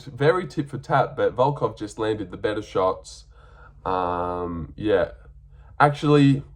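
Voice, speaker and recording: A young Australian man giving a casual, blunt and profane breakdown of fights, sarcastic and full of ums. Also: medium pitch. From Western Australia. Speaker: MMA fight reviewer.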